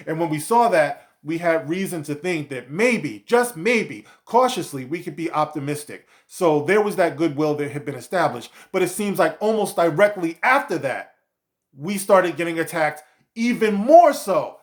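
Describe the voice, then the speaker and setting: A man's voice: fairly high pitch, lively intonation, moderate pace. A man giving a profane, sarcastic rant as a video commentator, with many fillers like "you know". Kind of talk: ranting commentary vlog.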